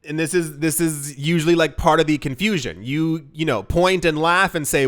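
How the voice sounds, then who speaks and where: A man's voice: on the high side, moderate pace, hardly any pauses, a bit bright. A young man giving casual commentary to camera, rambling with many restarts and incredulous asides. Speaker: crypto commentator.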